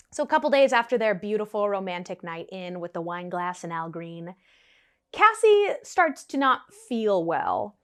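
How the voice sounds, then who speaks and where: A young woman telling a story in a vlog, animated and laughing often. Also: on the high side.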